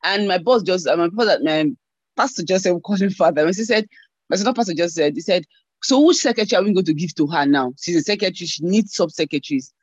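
A woman giving a church testimony over an online call, telling her story in an animated way and acting out the voices she quotes. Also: lowish voice, fast talker, dry recording. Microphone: online call mic. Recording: dull lo-fi online call audio.

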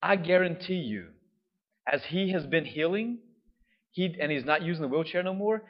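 A male preacher talks through a sermon in a casual, animated way and keeps asking his listeners if they follow. His voice sits a little high. The recording sounds muffled and lo-fi. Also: moderate pace. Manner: animated, conversational, often asks "right?". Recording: dull lo-fi sound.

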